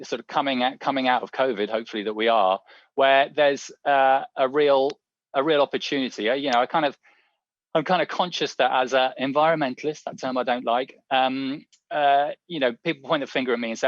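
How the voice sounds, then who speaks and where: A man's voice: mid-range voice, brisk, dry recording, lo-fi sound. Chatty man on a webinar. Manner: chatty, anecdotal, many fillers and restarts. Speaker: webinar speaker. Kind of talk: presentation talk with slides.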